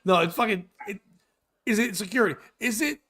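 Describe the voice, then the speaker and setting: A man in his forties, a podcast host, ranting crudely and loudly in comedic chat. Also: high voice, a little fast, a crowd in the background. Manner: profane, loud, animated ranting.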